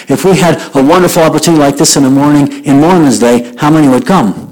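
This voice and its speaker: A man's voice: a little high, quick pace, a little mellow, rough recording. A man from Utah telling a story to young people, acting out both sides of a conversation. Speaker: youth speaker. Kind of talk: storytelling talk to youth.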